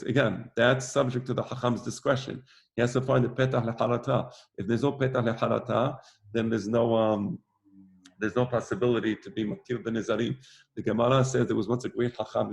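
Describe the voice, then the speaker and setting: Brief: male teacher, gravelly mid-pitched voice, relaxed lecturing, repeats himself for emphasis. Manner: conversational, repeats phrases for emphasis. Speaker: rabbi teaching a weekly class. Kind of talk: informal lecture.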